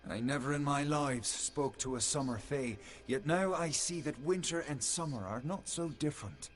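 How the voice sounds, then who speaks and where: A man's voice: fairly high pitch, normal speed, faint music behind, close to an everyday voice. A man voicing an ancient, stately fae keeper. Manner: formal, stately. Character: ancient male fae keeper, formal and wary. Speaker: quest giver. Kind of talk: game dialogue.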